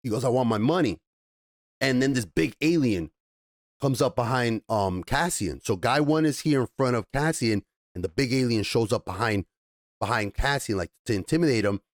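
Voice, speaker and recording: A man giving a casual spoken TV review, animated and swearing often. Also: mid-range voice, moderate pace, no room sound, studio quality.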